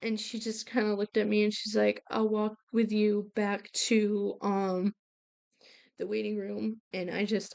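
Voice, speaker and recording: A young woman speaks slowly and haltingly as she shares a personal story on her podcast. She stumbles through restarts and fillers, and her voice sometimes sounds close to tears. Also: medium pitch, little pitch movement, creaky, a little mellow. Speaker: podcast host. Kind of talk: personal storytelling about grief.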